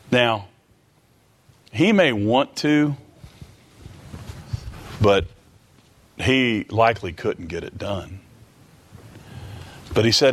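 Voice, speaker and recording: A man's voice: medium pitch, expressive, slow pace, pauses often, fairly bright tone. A man preaching a sermon, retelling a scripture story with dramatic pleading quotes and rhetorical questions to his listeners.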